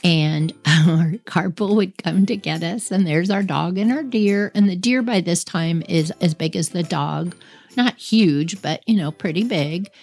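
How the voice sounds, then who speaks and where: Gravelly woman telling a chatty story. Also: fairly low pitch, measured pace, soft background music. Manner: animated, chatty. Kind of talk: casual storytelling.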